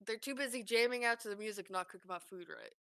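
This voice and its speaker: A woman streamer telling work stories in casual chat, animated and swearing freely. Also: on the high side, fast talker, smooth, no echo, studio quality.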